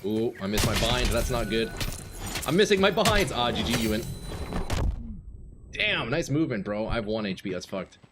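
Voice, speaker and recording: A young man streams a video game, chatting with the other players in a fairly low voice at normal speed with frequent pauses, calling them bro and brother. It's live gameplay commentary, and there's steady noise behind his voice.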